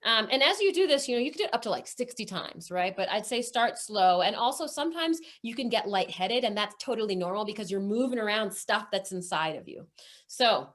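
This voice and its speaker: A woman's voice: medium pitch, lively intonation, a little fast, fairly bright tone. A woman leading a breathwork webinar over a video call, coaching listeners and counting breaths aloud. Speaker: breathwork instructor.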